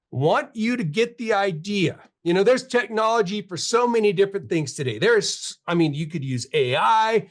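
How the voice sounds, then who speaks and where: A man in his fifties hosting a live marketing webinar, urging his audience on in an emphatic, repetitive motivational manner. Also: high-pitched. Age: 50s. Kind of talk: live webinar pep talk.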